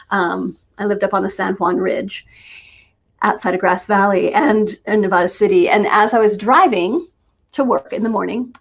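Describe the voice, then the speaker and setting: A woman's voice: medium pitch, vocal fry, husky. Woman giving a reflective teaching talk, mid voice, takes her time telling her story. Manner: unhurried, storytelling, thoughtful pauses. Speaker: spiritual teacher and author.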